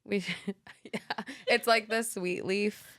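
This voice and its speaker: A woman's voice: mid-range voice, steady tone, takes it slowly, fairly bright tone, no echo, clean studio sound. A woman comedian co-hosting a podcast in casual chat, jumping in with playful jokes and exaggerated reactions. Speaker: podcast co-host, stand-up comedian.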